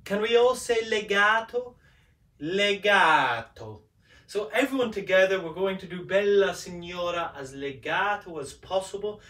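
Singing teacher, male, high voice, unhurried and playful, mic at a distance in a roomy space. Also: a bit bright. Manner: playful, coaxing, demonstrates by singing. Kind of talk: vocal warm-up lesson.

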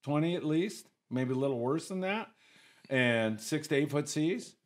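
Older man telling lively fishing stories. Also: on the high side, moderate pace. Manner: animated storyteller, acts out others' lines in raised voices. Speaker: podcast guest, retired commercial fisherman. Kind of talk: casual storytelling chat.

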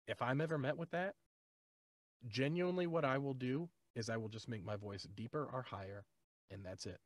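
A voice actor on a casual panel speaks firmly and sticks to his principles. His voice is mid-pitched and sounds dry and close. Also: brisk, dry recording. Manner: firm and principled.

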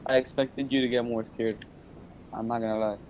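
A man's voice: mid-range voice, flat delivery, a little fast, darkish tone, a little hiss or hum. A man casually guiding a friend through a game, teasing him with short directions. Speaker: co-player guiding the gamer. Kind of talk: casual gaming chat.

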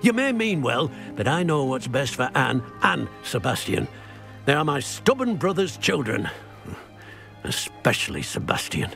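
An actor playing a stern, weary uncle in a video game, lecturing in a strict tone. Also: male voice, mid-range voice, very animated, a little slow, gravelly, a bit bright, full character voice. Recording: game audio with music behind.

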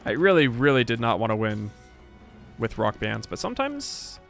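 A man's voice: lowish voice, normal speed, gravelly, fairly bright tone, soft background music. A man casually commenting on his own strategy game as he plays, chatting wryly to himself and to the characters in the game. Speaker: streamer. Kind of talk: live gameplay commentary.

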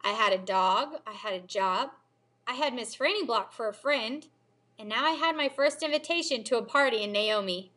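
A teacher reading a children's novel aloud with expressive storybook delivery. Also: female voice, on the high side, moderate pace. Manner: expressive storybook reading, lively character voices.

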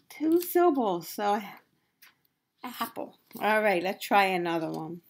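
A woman teaching a video lesson to young children, slow and encouraging, pausing to let them answer. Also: mid-range voice, creaky, a little hiss or hum. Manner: slow, sing-song, encouraging, with questions and pauses for answers. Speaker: preschool teacher.

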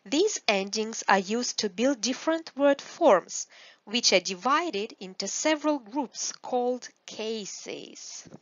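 A woman's voice: a little high, expressive, slow pace, no echo. A woman teaching to beginners in English, explaining patiently and repeating the example words. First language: Russian. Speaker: language teacher. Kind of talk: slow, careful beginner lesson with spoken examples. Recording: dry, slightly dull lo-fi recording.

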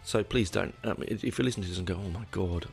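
A very deep-voiced man with a gravelly, creaky edge talks through a casual solo podcast episode. He rambles, doubles back on himself often and swears offhandedly. Faint guitar music plays underneath. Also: very fast. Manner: rambling, with frequent restarts and swearing. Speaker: podcast host.

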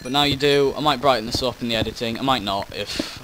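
A man's voice: medium pitch, fast talker, noisy background. A man giving loose, rambling commentary over his own gameplay footage, often losing his train of thought and swearing casually. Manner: meandering, self-interrupting, casual swearing. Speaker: gaming commentator. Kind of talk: rambling post-recorded game commentary.

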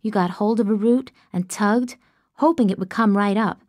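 A woman narrating a story in the first person in an earnest, expressive way, on a close studio mic. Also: mid-range voice, moderate pace, dry recording. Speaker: audiobook narrator.

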